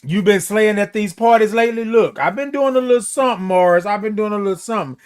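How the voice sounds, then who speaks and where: A morning show host livestreams casually from his Christmas-decorated home with the camera close to his face. He's a fast, smooth talker with a high, playful voice, chatting with viewers, drawling, and greeting them by name.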